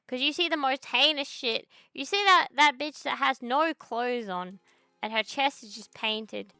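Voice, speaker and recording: Gravelly woman ranting on stream. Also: high-pitched, measured pace, bright, forceful tone, dry recording, faint music behind. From Australia. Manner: rambling, profane, ranting. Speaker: VTuber streamer. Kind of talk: casual livestream chat. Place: home computer desk.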